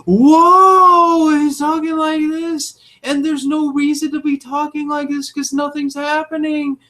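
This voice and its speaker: A man imitating an overwrought male audiobook narrator who suddenly gets loud and shrill for no reason. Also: flat delivery, unhurried, heavily acted. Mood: overexcited. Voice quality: high, loud, overblown delivery.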